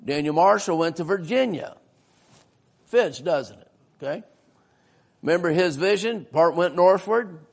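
A man's voice: high-pitched, lively intonation, a little slow, creaky, pauses often. A man preaching a sermon-style history lesson in a church, folksy and often asking the congregation questions.

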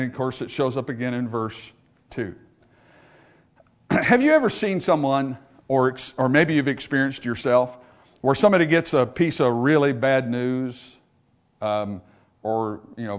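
A man preaching a sermon, swinging between loud emphatic bursts and quiet, conversational asides. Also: mid-range voice. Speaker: pastor.

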